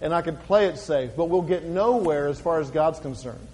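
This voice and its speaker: A middle-aged male pastor preaching a sermon, reading scripture slowly and with emphasis, then dropping to a quiet, conversational tone. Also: a little high, big-room sound. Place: church.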